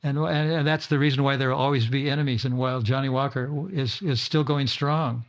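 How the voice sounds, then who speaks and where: A man's voice: mid-range voice, fairly even intonation, fairly quick, dull audio. An older man giving an informal talk to his disciples at a home gathering, often stumbling, repeating words and restarting sentences. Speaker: spiritual teacher.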